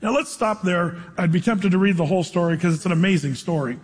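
A man preaching a sermon, reading scripture slowly and dramatically, then retelling the story in a casual, storytelling way. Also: high voice, husky. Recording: long reverb of a large hall.

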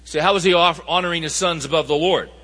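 A man's voice: fairly high pitch, quick pace, bright, forceful tone. A man preaching a sermon, emphatic and asking the audience rhetorical questions. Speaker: pastor. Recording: reverberant hall sound.

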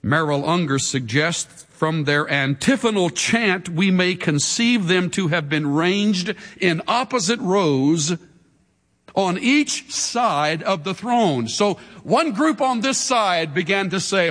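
Dramatic preacher man, high lively voice. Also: a little slow, long reverb tail. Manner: dramatic preaching, swinging from hushed to shouting. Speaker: pastor. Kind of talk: sermon.

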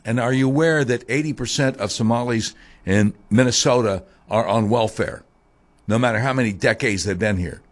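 A man hosting talk radio, delivering a monologue that swings from a low grumble to high mocking tones. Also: moderate pace.

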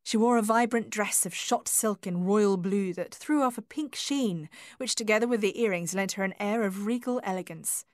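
A woman reading a novel aloud as audiobook narrator, measured and even. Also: medium pitch, dry recording, clean studio sound. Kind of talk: scripted narration.

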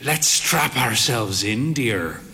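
A man's voice: mid-range voice, expressive, slow, creaky, sharp tone, a little hiss or hum, voice pushed down, full character voice. A man voicing a fey, thin man in late middle age who talks in a droll, playful, crooning way.

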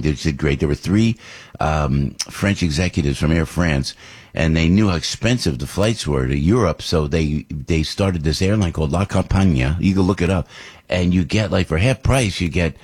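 A man hosting a radio talk show, rambling through stories in a loose, animated way and restarting his sentences often. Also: a bass voice, breathy edge. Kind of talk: casual radio monologue.

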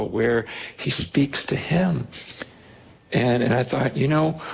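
A man preaching a sermon as pastor, animated and often repeating words as he builds up. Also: breathy edge. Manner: reads scripture slowly and low.

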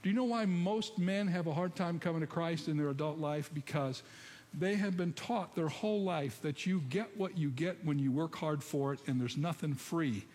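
Speaking at a normal speed in a slightly mellow, higher-side voice, a pastor delivers a sermon full of stories and frequent questions to the congregation. Long hall reverb and faint ambience surround him.

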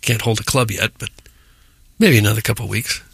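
Man, gravelly voice, husky, radio co-host, casual rambling chat, dry sound. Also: fairly low pitch, brisk, fairly bright tone, dry recording. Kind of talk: casual talk radio banter.

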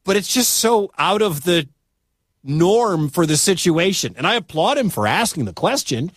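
A man from the American Midwest hosting a sports talk radio show, talking in an animated, incredulous, conversational way. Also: high-pitched, normal speed, husky, no echo, clean studio sound.

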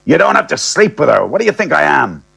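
A man's voice: a little high, sing-song, quick pace, gravelly, a bit bright, breathy edge, voice pushed up, full character voice, rough recording. A man voicing a crude, cynical older male lawyer who talks bluntly and mockingly. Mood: indignant.

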